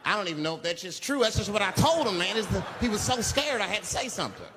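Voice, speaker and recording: A man doing a stand-up comedy routine, telling a story in an animated way and acting out characters with shouts. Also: high voice, fast, hardly any pauses. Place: comedy stage before an audience. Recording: live stand-up set with noisy room and audience ambience.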